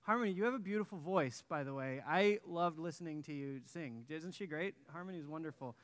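Preaching in the sanctuary as a guest pastor, this man in his thirties jokes with the pews while sharing a conversational, self-mocking personal story. He pitches on the high side and keeps a brisk pace with few pauses.

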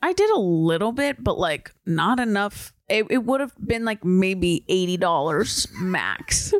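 A woman's voice: mid-range voice, sing-song, measured pace, no room sound, clean studio sound. A young woman co-hosting a podcast in casual, rambling chat, laughing often and saying "like" a lot. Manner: giggly, rambling, full of "like". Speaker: podcast co-host.

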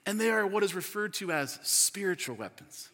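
A man in his forties preaches with a high, ringing voice, lively and chatty, laughing as he goes and scattering fillers through his talk. His voice carries a long reverb, as in a large church sanctuary. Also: normal speed. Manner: energetic, chatty, laughs often, many fillers. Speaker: pastor. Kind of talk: sermon.

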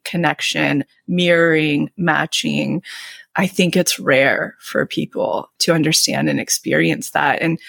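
A woman's voice: fairly low pitch, vocal fry, a bit bright, dry recording. A woman guest on a podcast, talking in a dreamy, searching way, in loose phrases. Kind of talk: relaxed conversational chat.

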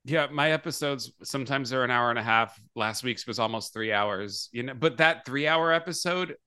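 A man's voice: mid-range voice, moderate pace, pushed and bright, clear, resonant tone. A man hosting a podcast in casual chat, talkative, laughing often and joking at his own expense. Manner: chatty, laughs often, self-deprecating. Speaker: podcast host.

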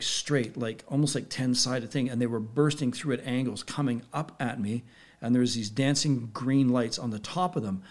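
A middle-aged man, a podcast guest, recounting a personal experience in a quiet, reflective way with pauses. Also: mid-range voice. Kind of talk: personal storytelling in an interview.

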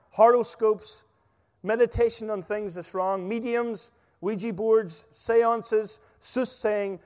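A man preaching a sermon, emphatic and full of stories, his volume swinging between loud stresses and quiet asides. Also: high voice. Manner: emphatic, storytelling, rising and dropping volume. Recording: long hall reverb.

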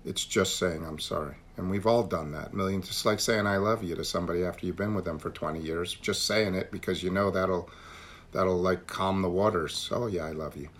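A man's voice: low voice, steady tone, brisk. A man leading a recovery meeting on a call, talking earnestly and repeating phrases for emphasis. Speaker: meeting leader.

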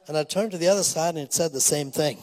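A man's voice: on the high side, quick pace, a little mellow. Man preaching a sermon in a reverberant hall. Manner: preaching with frequent hallelujahs and praise God. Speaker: pastor.

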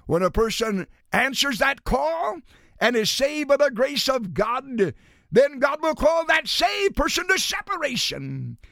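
A man preaching a sermon as a pastor, rising into shouts and then dropping low and slow. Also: sing-song, vocal fry, dry recording, studio quality.

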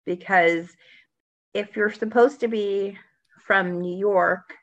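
A woman's voice: medium pitch, fairly even intonation, slow pace, no echo, muffled recording. A woman co-hosting a podcast in casual chat, self-assured and talkative, with frequent restarts. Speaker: podcast co-host.

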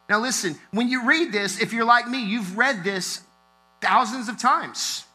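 A man preaching a sermon in a church, talking earnestly and building to emphatic, drawn-out stresses. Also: high voice, expressive, pushed and bright, rough recording. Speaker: pastor.

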